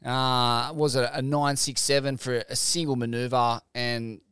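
Brief: Australian man, mid-pitched, smooth voice, eager slangy co-host, dry booth. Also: flat delivery, a little slow, a bit bright, dry recording. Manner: enthusiastic, slangy commentary. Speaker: podcast co-host. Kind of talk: casual surf talk.

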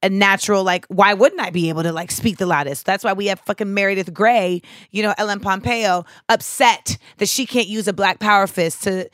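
A young adult woman hosts a relaxed conversation. She talks bluntly and with real animation, leaning on "like" often. Her voice sits in an ordinary middle pitch and is recorded dry and close. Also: brisk, hardly any pauses, no echo. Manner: blunt, animated, says "like" a lot. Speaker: podcast host. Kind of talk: casual chat.

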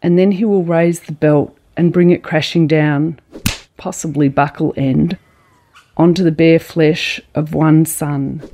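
A middle-aged woman reads her own memoir aloud. Her voice sits low and mellow, and she tells the story in a measured, intimate way. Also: a little hiss or hum. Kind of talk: spoken memoir reading.

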